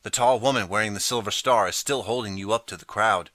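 A man reading a choose-your-path storybook aloud in the second person, steady and clear. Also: lowish voice, fast talker, dry recording. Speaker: audiobook narrator.

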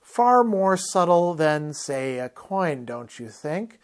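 A smirking young woman drawls her lines with a sharp edge, as a man reading a book puts her on. Her voice sits somewhat high and sounds dry and dismissive. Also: big pitch swings, slow, exaggerated voice. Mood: drawling. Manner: drawling, snappish. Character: smirking, sharp-tongued young female twin.

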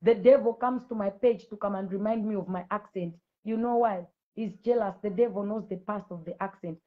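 A woman's voice: mid-range voice, brisk, narrow, tinny audio. A woman in her late thirties giving a fervent live-stream testimony, preaching and scolding commenters directly. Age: late 30s. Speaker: Christian ministry host.

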